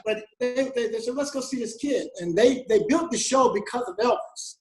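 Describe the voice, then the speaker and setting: Brief: man, guest storyteller, high pitched, lively quoted voices, echoey room. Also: moderate pace. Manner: animated storyteller, acts out quoted voices, laughs often. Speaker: guest musician. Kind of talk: storytelling in an interview.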